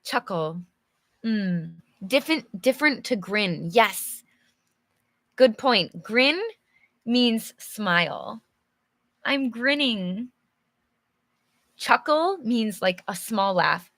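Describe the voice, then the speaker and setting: A woman teaching English to learners on a live stream, reading from a storybook and stopping often to explain words. She speaks slowly with a bright, slightly high voice that carries energy. Her sound is close and dry, with almost no room. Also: expressive, no echo. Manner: friendly and chatty, asks viewers questions, laughs often. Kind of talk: slow, clear live teaching and read-aloud.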